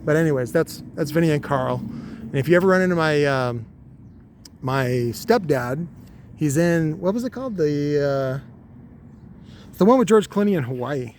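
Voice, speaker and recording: A man's voice: a little high, expressive, moderate pace, pauses often, a little mellow, a little hiss or hum. A man telling a rambling, crude vlog monologue to his viewers with many fillers. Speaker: vlogger.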